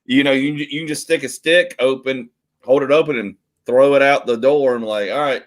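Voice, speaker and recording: A man's voice: medium pitch, moderate pace. A man, hosting a casual podcast chat and rambling through stories. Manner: rambling, chatty, reads out listener comments. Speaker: podcast host.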